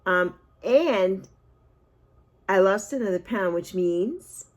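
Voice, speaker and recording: A woman's voice: medium pitch, lively intonation, slow, pauses often. A woman in her sixties talking casually and emotionally to her viewers, rambling and laughing at herself. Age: 60s. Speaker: vlogger. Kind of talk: unscripted talk to camera.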